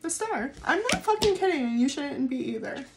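A woman doing a casual tarot reading to camera, excitable, swearing freely and laughing often. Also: sits high, fairly quick, heavy background noise. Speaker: tarot reader.

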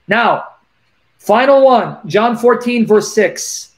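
Hosting a call-in show, a man with a high-sitting voice explains scripture emphatically, repeating references and reading the verses slowly.

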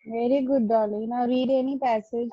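A woman's voice: on the high side, fairly even intonation, moderate pace, dry recording. A woman teacher, giving instructions to her class over a video call and repeating herself to make her point. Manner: firm, repeats and rephrases instructions. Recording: muffled lo-fi call audio.

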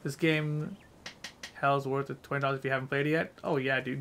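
A man's voice: mid-range voice, steady tone, a little fast, a bit bright. A young man streaming a game, rambling casually and swearing while chatting with his viewers. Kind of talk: casual gameplay commentary.

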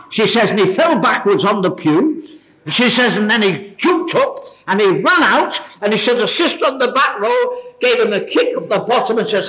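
An older man preaches an informal sermon in a church meeting. His voice sits a little high and swings widely in pitch. He tells folksy stories, breaks into chuckles and throws out exclamations of praise. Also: big pitch swings, moderate pace, sharp tone.

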